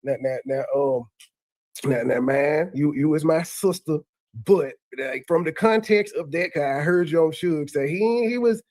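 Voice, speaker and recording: A man's voice: fairly high pitch, unhurried, darkish tone, dry recording. Stammering man reacting to a replayed clip. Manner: repetitive stammering restarts, conversational. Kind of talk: casual reaction commentary.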